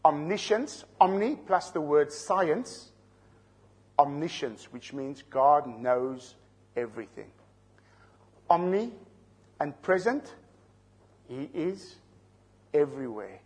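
Husky South African preacher. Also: male voice, on the high side, sing-song, slow pace, pauses often, a little mellow. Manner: teaching, explains terms, asks the listeners questions. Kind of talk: expository sermon.

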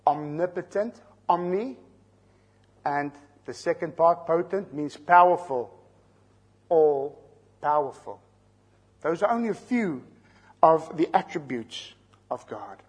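Husky South African preacher. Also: male voice, fairly high pitch, lively intonation, slow, pauses often. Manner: teaching, explains terms, asks the listeners questions. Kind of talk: expository sermon.

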